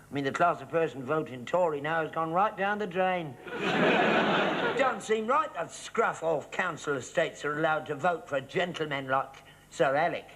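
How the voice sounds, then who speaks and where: A man's voice: on the high side, fairly bright tone, slight background noise, low-quality recording. An actor playing a stubborn, cheeky older father with a London working-class accent, smug and mocking. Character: cheeky old Tory-loving father, stubborn. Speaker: sitcom actor. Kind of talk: studio sitcom acting.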